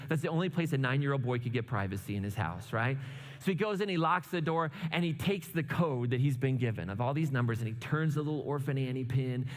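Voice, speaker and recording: A man preaching a conversational sermon in a church, chatty and joking, often checking in with the listeners with "right?". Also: mid-range voice. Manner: chatty, asks "right?" often, jokes asides. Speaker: pastor. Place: church sanctuary. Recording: long hall reverb.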